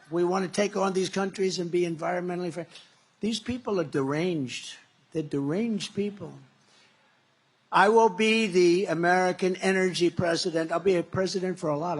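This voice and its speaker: A man's voice: high voice, slightly rough. A man speaking as a political candidate in a campaign rally speech, rambling and repetitive with emphatic stresses.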